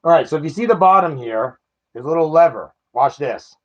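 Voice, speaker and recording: A man with a slightly high voice talks through an unboxing, chatty and quick to poke fun at himself. The sound is dull and lo-fi, like a cheap home mic. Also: lively intonation. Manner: chatty, self-mocking, laughs at himself. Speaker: toy collector unboxing. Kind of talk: casual unboxing chat.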